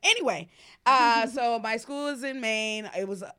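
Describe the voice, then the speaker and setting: A woman's voice: a little high, measured pace, pushed and bright, clean tone. A young woman from the Bronx with a New York accent, a podcast guest telling candid, profane stories in casual chat. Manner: candid, profane, storytelling with many "like"s.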